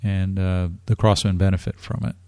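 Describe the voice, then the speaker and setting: A man as a guest on a radio interview, explaining things in a measured way with frequent restarts. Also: sits low, flat delivery, gravelly, dark tone, smooth, dry recording, studio quality. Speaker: drum corps staff guest.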